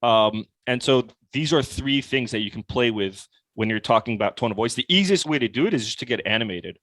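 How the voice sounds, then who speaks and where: A young man, a sales coach guest on a podcast, explaining his methods in a casual, animated way with lots of "like.". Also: mid-range voice, a little fast, no echo. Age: young adult. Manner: casual, animated, heavy use of "like". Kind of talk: conversational podcast interview.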